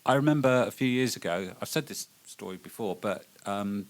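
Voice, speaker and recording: A man's voice: lowish voice, normal speed. A man interviewing a musician, asking loose questions full of "um" and "you know". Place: small live venue.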